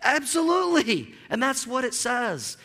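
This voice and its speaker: A middle-aged man, a pastor, preaching an animated, storytelling sermon in a church, often repeating words as he builds up steam. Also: high-pitched, normal speed, long reverb tail. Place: church sanctuary.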